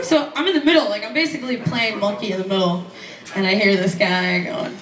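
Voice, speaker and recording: On a small comedy club stage, a woman does a rambling, profane stand-up set, laughing often as she goes. Her mid-range voice is steady and fairly quick but sits far from the mic, in an echoey club with a loud crowd.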